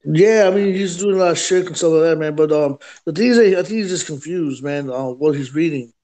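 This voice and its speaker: A man's voice: fairly high pitch, a little fast, warm tone. A man hosting a livestream who tells a story in casual chat, acting out quotes and saying "right?" and "bro" often. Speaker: livestream host.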